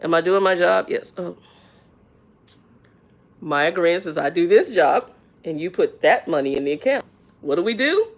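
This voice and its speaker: A middle-aged woman in casual livestream chat, with a fairly low voice for a woman. She talks frankly in slang and tells animated stories, her voice jumping up as she gets worked up. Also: normal speed, long pauses. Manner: animated storytelling, voice jumps up when riled; slangy, frank, repeats words. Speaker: livestream host.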